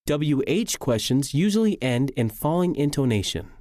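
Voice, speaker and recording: A man narrating a scripted English lesson, reading slowly and clearly. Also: mid-range voice, very animated, a little mellow, no echo, studio quality. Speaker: English teacher.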